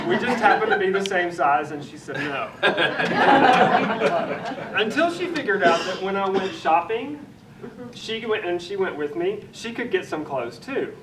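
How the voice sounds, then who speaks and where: A man's voice: on the high side, lively intonation, measured pace. A middle-aged man telling family anecdotes at a church panel, laughing often. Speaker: drag nun guest. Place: large echoey church sanctuary. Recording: echoey room, distant mic, background noise.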